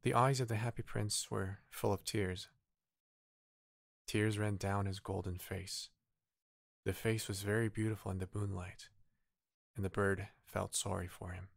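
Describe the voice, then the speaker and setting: A man reading a bedtime story aloud in a gentle, unhurried way. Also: on the low side, little pitch movement, creaky, dry recording, studio quality.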